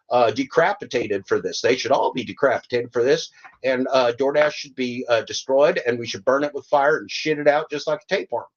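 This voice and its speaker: A man's voice: mid-range voice, highs cut off. An older man hosting a podcast, reading points aloud and breaking into fiery, rambling, sarcastic rants. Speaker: podcast host.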